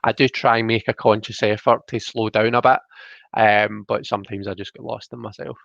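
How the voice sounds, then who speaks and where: A man hosting a casual live stream, reading tarot cards and chatting with viewers. He talks fast and tends to mumble. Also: fairly low pitch, steady tone, vocal fry, a bit bright, no echo. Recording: dry, dull lo-fi sound.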